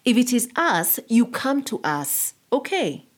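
A woman's voice: a little high, very animated, a little slow, pitched above the performer's own voice. A woman reading the part of a stern, worried middle-aged father who speaks firmly. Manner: firm, scolding.

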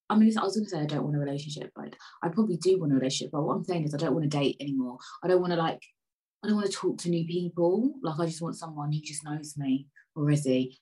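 A woman chatting casually to camera over a cup of tea, rambling, flipping between loud outbursts and quiet mutters. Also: sits low, low-quality recording. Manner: sips tea while talking. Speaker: vlogger.

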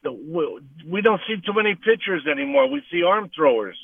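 A man's voice: fairly high pitch, big pitch swings, a little fast, slightly rough, no room sound. A man in his seventies or older calling in to a sports radio show, rambling and repeating words. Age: 70s or older. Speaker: caller. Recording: dry, tinny phone line.

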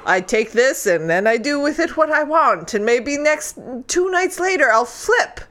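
A woman's voice: high voice, expressive, unhurried, fairly bright tone. A woman co-hosting a casual book discussion, enthusiastic and acting out scenes as she retells them. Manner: enthusiastic, laughs, acts out scenes. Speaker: podcast co-host.

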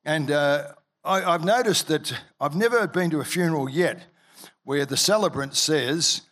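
A man preaching from the pulpit, his voice sitting a little higher than most men's. He tells his story with plenty of restarts and "uh"s, then lifts and gets louder at the exciting parts. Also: unhurried. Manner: storytelling with many restarts and filler words; lively, rises in pitch and volume when excited. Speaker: pastor. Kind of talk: sermon.

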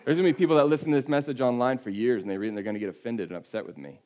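A man preaching in a loose, conversational way, with a voice of ordinary pitch. He often sinks to a low, quiet tone to press a point. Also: racing. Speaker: pastor. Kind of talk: sermon.

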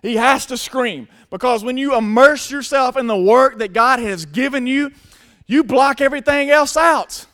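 High-voiced man preaching a sermon. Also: normal speed. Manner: earnest, shifts from hushed to loud emphasis. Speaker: pastor.

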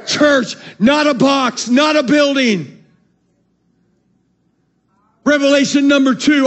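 A male pastor preaching a sermon, calling out to the congregation and swinging from shouted peaks to soft, low passages. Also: takes it slowly, pauses often. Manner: calls out to the congregation.

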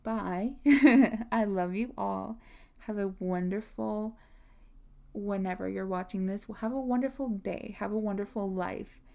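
Young woman just chatting on her podcast, rambly, says like a lot, mid pitch. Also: unhurried, vocal fry, warm tone. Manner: chatty, rambling, lots of "like" fillers. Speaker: podcast host. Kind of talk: casual solo chat.

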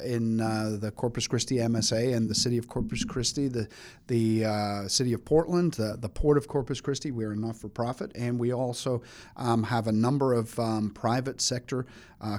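A man's voice: medium pitch, a little mellow. Chatty middle-aged man from England. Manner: chatty, many restarts, laughs easily. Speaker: economic development chief, studio guest. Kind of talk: casual radio interview.

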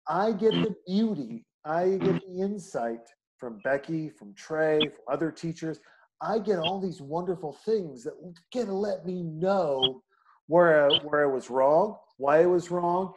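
A man's voice: fairly high pitch, unhurried, noisy background. A man co-hosting a casual chat, talking in long, profane, emphatic rants.

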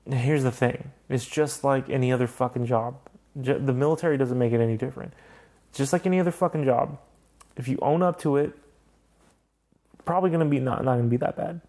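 A man's voice: mid-range voice, brisk, a little mellow. A young man hosts a casual podcast chat. He tells his story in a heated, profane way, swearing freely as he goes. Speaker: podcast host.

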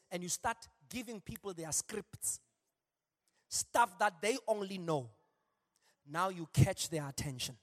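A male pastor preaching an animated sermon in a large church, with call-and-response asides. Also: sits high, measured pace, pauses often. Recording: long hall reverb.

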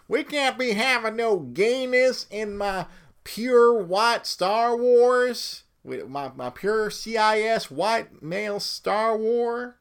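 A man mimicking a shrill, outraged male fan in a squeaky, drawn-out whine. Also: creaky, clean tone, heavily acted. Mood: mock outrage.

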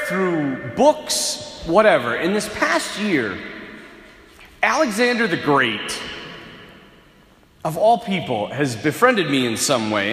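A man's voice: sits high, fairly bright tone. A man preaching a sermon, speaking emphatically and repeating words to build toward a point. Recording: echoey hall with long reverb.

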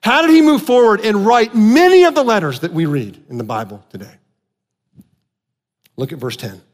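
Male pastor, high voice, preaching in a reverberant sanctuary; drops to hushed asides, then builds to raised emphasis. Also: very animated, moderate pace. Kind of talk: sermon. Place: church sanctuary. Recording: long reverb in a large hall.

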